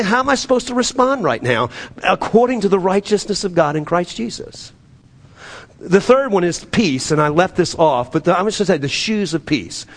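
A pastor delivering a sermon in a church, his voice sitting a little higher than most men's. He preaches in a conversational, earnest way, circling back over phrases and sinking to a hushed tone to drive a point home. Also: big-room sound. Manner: conversational preaching, repeats and restarts phrases, drops to quiet emphasis.

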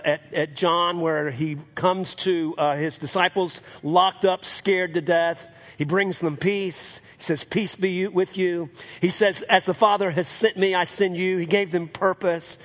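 A man's voice: high voice, a bit bright. A man preaching a sermon as pastor, repeating phrases for emphasis and calling out "Amen?" to the congregation.

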